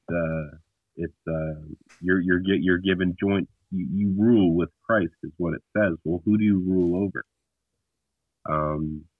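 A man's voice: deep voice, no room sound. Blunt man talking over a phone line. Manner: blunt, emphatic storyteller who often restarts. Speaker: podcast guest. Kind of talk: casual religious discussion.

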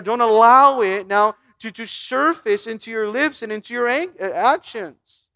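A man's voice: high-pitched, bright, forceful tone. A pastor preaching a sermon, asking his listeners questions and reading scripture aloud, with emphatic repeats. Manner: emphatic, with repeated stumbles and restarts.

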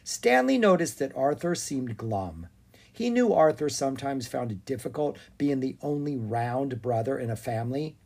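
Expressive storybook narrator, husky voice. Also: medium pitch, normal speed. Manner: animated, expressive reading. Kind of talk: storybook read-aloud.

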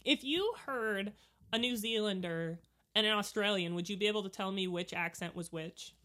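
A woman's voice: medium pitch, normal speed, pushed and bright. A woman co-hosting a casual chat while watching a movie, playful and joking, laughing often.

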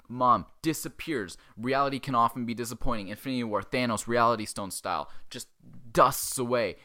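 Male podcast host, lowish voice, profane and sarcastic, riffs through a film plot with quick character voices. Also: bright, forceful tone. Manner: crude, sarcastic, acts out characters in quick asides. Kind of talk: profane comic film recap.

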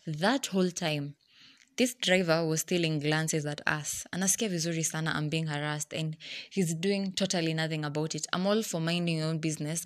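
A young Kenyan woman telling a personal story in a lively, exasperated way, switching between English and Swahili slang. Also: low voice.

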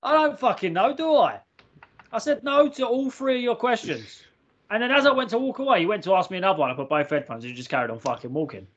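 A man with a slightly high voice tells a story in casual, animated podcast chat. He swears freely and laughs along as he goes. The recording is muffled and lo-fi. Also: fast talker. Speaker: podcast host.

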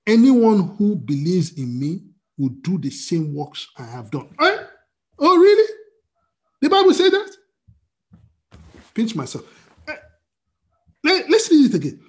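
A man preaching a sermon as pastor, animated, quizzing his listeners with questions and answering them himself. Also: fairly high pitch. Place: church service streamed on video call.

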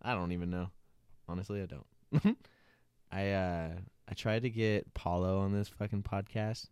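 A man's voice: deep voice, steady tone, measured pace, darkish tone, smooth, dry recording, clean studio sound. A young man co-hosting a podcast in casual chat, joking, swearing and laughing a lot. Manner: laughing, swearing, jokey banter. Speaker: podcast co-host.

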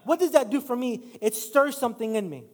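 Male pastor, middle-aged, high voice, casual storytelling sermon, reverberant church. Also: expressive, fairly quick, darkish tone, slightly rough. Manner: casual, self-deprecating storytelling with rising preaching emphasis. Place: church sanctuary. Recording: long hall reverb.

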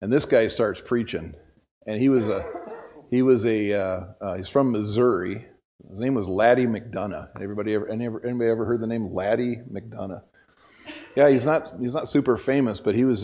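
A pastor delivers his sermon in an easy, story-driven way from the front of a church. His voice sits at a middle pitch and swings between raised, emphatic bursts and near-whispered asides. He speaks as a man talking to his own congregation. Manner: conversational storytelling, swings from loud to hushed.

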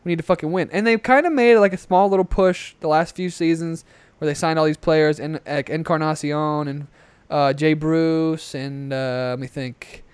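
A man's voice: on the high side, steady tone, moderate pace, few pauses, clear, resonant tone, no room sound. Profane, ranting young man. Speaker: podcast co-host. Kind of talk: casual podcast chat. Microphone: headset.

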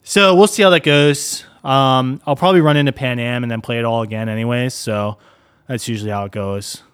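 A man's voice: medium pitch, fairly quick, smooth. A young man co-hosting a podcast, chatting casually and rambling with lots of fillers. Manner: relaxed, rambling, lots of "like" and "dude". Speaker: podcast co-host. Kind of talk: casual chat.

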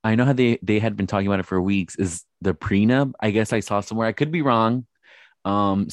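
A woman's voice: extremely low pitch, darkish tone, no room sound. Woman co-host, casual chat, rambling, dry mic. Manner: rambling, restarts often, fillers like "I was gonna say". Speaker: podcast co-host. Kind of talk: casual celebrity gossip chat.

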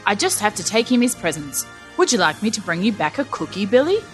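A woman voicing a jolly, kind old Santa in a storybook, chuckling and gentle. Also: medium pitch, sing-song, brisk, faint music behind, lightly acted.

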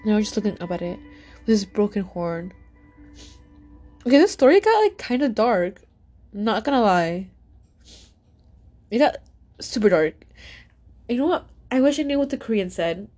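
A young woman hosting a casual podcast, reacting excitedly to a video with frequent exclamations and fillers. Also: mid-range voice, moderate pace, long pauses, soft background music. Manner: gushing, exclamatory, many fillers. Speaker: podcast host.

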